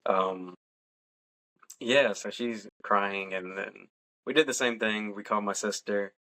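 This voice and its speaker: Gravelly-voiced man telling a story. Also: lowish voice, takes it slowly. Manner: relaxed, chatty, laughs through the story. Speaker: podcast co-host. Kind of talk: casual storytelling.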